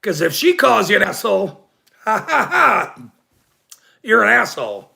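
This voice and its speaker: A man's voice: high-pitched, very animated, moderate pace, vocal fry, sharp tone. A middle-aged man hosting a casual livestream, ranting indignantly and rambling, laughing often. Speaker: livestream host.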